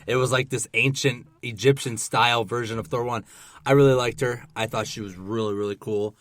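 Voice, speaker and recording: A man's voice: mid-range voice, brisk, dry recording. A man co-hosting a movie review podcast, retelling scenes animatedly and acting out lines from them. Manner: animated storyteller, acts out scenes in voices. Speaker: podcast co-host. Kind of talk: casual movie review chat.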